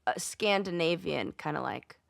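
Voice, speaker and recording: A woman's voice: low-pitched, animated, normal speed, creaky, no echo. A woman co-hosting a podcast in casual chat, playful with a dry humor. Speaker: podcast co-host.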